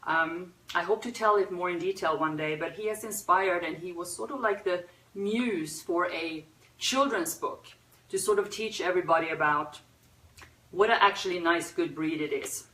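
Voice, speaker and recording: A woman hosting a pet memorial livestream, talking unscripted in a teary, soft-hearted way with sighs and pauses. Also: on the low side. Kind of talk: unscripted emotional talk. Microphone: phone or webcam. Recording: roomy echo, a bit far from the mic.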